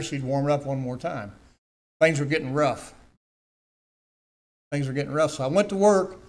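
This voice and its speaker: Earnest older man giving testimony. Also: a little high. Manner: earnest storytelling, emphatic repetitions. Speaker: church member giving testimony. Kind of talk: personal testimony.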